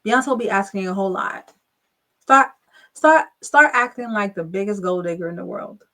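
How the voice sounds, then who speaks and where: A woman's voice: medium pitch, normal speed, bright, forceful tone. A young adult woman hosting her channel, telling a casual story with emphatic rhetorical questions. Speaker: channel host.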